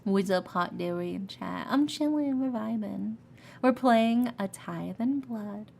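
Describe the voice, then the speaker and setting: A woman's voice: medium pitch, takes it slowly, gravelly, darkish tone, slight background noise. A young woman streaming a visual novel, reading its text aloud and breaking off with giggly, joking asides, her nose stuffy. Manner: giggly, joking asides between narrated passages. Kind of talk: reading game text aloud with casual commentary. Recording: faint game music behind.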